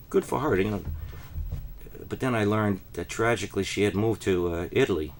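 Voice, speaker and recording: A man from New Jersey telling a deadpan parody monologue, rambling and then rising into frantic, high-pitched pleas. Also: a little hiss or hum. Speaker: comic storyteller.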